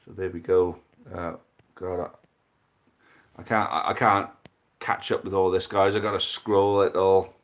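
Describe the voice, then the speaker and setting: A man commentating a football dice game live for a stream, building excitement at big moments and chatting to viewers as mates. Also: low voice, unhurried, long pauses.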